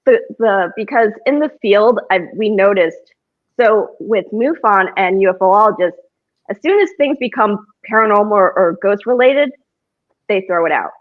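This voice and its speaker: A woman's voice: mid-range voice, lively intonation, moderate pace, dry recording. Rambling woman paranormal investigator, dull audio. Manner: rambling, with many restarts and fillers. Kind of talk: casual conversation on a podcast.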